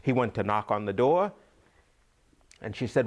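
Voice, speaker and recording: A man's voice: on the low side, lively intonation. A man telling a folk tale to listeners, drawing out phrases, repeating words and dropping to whispers. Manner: drawn-out, repetitive, dips into whispers. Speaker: storyteller.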